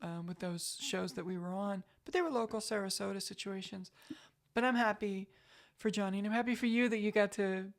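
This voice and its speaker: A woman's voice: mid-range voice, brisk. A woman comedian co-hosting a podcast, chatting casually and teasing with dry, wry humor. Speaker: podcast co-host.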